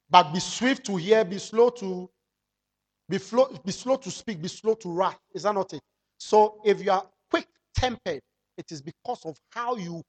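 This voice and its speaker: A pastor delivers a sermon, peppering the congregation with rhetorical questions and stretching out key phrases slowly for emphasis. His voice sits at a medium pitch.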